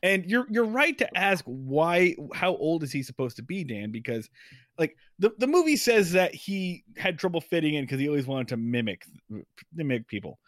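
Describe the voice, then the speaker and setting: Guy ranting on a movie podcast, slightly high voice, really dry sound. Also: moderate pace, dry recording. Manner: animated, swearing, ranting. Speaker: podcast co-host. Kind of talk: casual movie-review chat.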